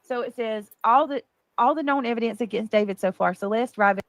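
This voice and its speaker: A woman's voice: on the high side, a little fast, no room sound. A woman hosting a live stream, reading posts aloud and adding defensive asides to her chat. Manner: reads out then adds defensive asides to chat.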